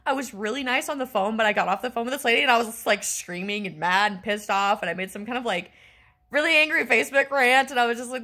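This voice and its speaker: A woman in her twenties telling an exasperated, animated story as a casual vlog rant, full of fillers. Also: a little high, brisk. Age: 20s. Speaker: vlogger.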